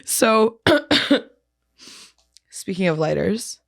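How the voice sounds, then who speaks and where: A woman's voice: medium pitch, very animated, very slow, vocal fry, fairly bright tone, no echo, clean studio sound. A young woman co-hosting a podcast in a laid-back casual chat, laughing often and using many fillers. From New York area. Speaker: podcast co-host.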